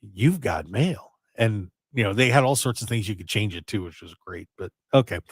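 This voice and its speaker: A man hosting a wrestling radio show in casual chat, animated and prone to repeating words as he starts a sentence. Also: lowish voice, a little fast, dry recording, clean studio sound.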